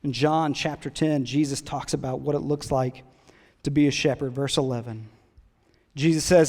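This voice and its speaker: Middle-aged male pastor, fairly high voice, sermon delivery that goes from loud to hushed, long church reverb. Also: moderate pace. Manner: swings from loud emphatic build-ups to hushed whispers; conversational, jokes with the congregation. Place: church hall.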